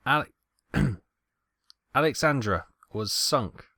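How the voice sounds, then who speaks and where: A man's voice: lowish voice, lively intonation, moderate pace, a bit bright, dry recording, clean studio sound. A man hosting a gaming channel, giving casual, wry commentary on a submarine game and stumbling over ship names.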